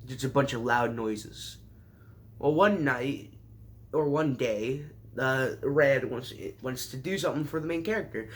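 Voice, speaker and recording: A man's voice: mid-range voice, unhurried. A man casually recapping a show with sarcastic, rambling asides and mock surprise. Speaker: show reviewer.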